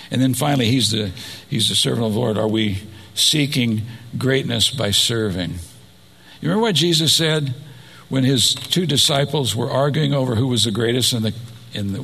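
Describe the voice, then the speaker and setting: A man's voice: medium pitch, vocal fry, fairly bright tone, breathy edge. A man preaching a sermon, asking the listeners rhetorical questions and adding personal asides.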